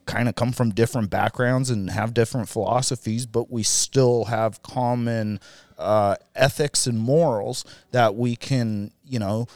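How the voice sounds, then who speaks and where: A man's voice: medium pitch, a little mellow, dry recording. Laid-back podcast guy, dry close mic. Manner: rambling, laughs often, many fillers. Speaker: podcast co-host. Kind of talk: casual round-table chat.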